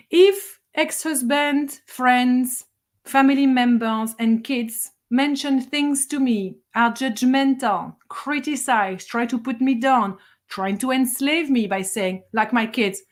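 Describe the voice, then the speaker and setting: A woman's voice: on the high side, expressive, takes it slowly. A middle-aged woman, a spiritual teacher, giving a blunt, fiery motivational monologue, swearing for emphasis and laughing between points.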